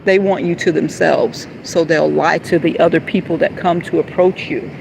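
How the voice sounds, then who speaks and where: Gravelly woman ranting outdoors. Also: sits low, steady tone, normal speed, noisy background. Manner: rambling, heated and confrontational, then softly apologetic. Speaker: livestreamer. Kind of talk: emotional live-stream monologue.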